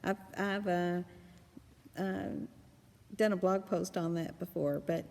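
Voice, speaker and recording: A woman's voice: on the low side, fairly even intonation, slow pace, vocal fry, darkish tone. A middle-aged woman, rambling through a casual reflective monologue with many restarts and fillers. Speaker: blogger and podcast host. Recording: long reverb.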